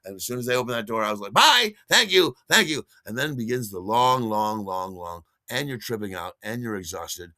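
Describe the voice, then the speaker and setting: A man's voice: fairly low pitch, a little fast, hardly any pauses, fairly bright tone, no echo. A man hosting his own podcast, telling a long personal story in a casual way and acting out the voices of the people in it. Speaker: podcast host.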